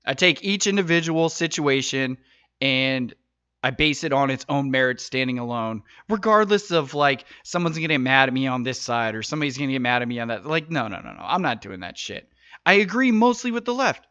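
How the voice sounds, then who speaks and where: Bright-voiced man ranting on a podcast. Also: medium pitch, animated, fairly quick, smooth, no echo. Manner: casual, rambling, swears freely. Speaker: podcast host. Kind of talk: solo podcast monologue. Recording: dull lo-fi dry mic sound.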